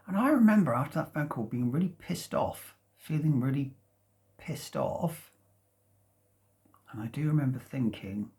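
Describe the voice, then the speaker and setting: Gravelly man rambling at home. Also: medium pitch, expressive, moderate pace. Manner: hesitant and meandering, with frequent restarts and soft chuckles. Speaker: vlogger. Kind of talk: casual rambling storytelling. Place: at home, sitting in a sunlit room.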